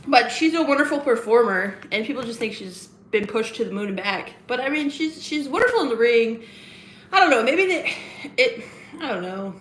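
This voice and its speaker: A woman's voice: on the high side, lively intonation, normal speed, roomy sound, a little hiss or hum. A woman hosting a casual live stream, rambling and chatty with plenty of fillers and restarts as she greets viewers in the chat. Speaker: livestream host.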